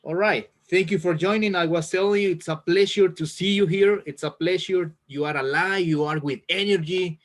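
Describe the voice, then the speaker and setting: A man teaching an English reading class over a video call, speaking slowly and repeating words to encourage his students. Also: high voice, steady tone.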